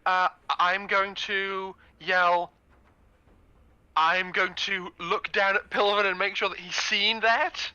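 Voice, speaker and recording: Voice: mid-range voice, level tone, slow pace, sharp tone, smooth, no room sound, dull audio. A player in a tabletop game describing their character's actions, stumbling and repeating words.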